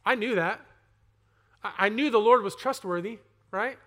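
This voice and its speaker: Earnest man preaching, high-pitched voice. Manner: earnest, swings between loud emphasis and near-whispered asides; halting restarts, conversational. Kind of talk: personal testimony sermon.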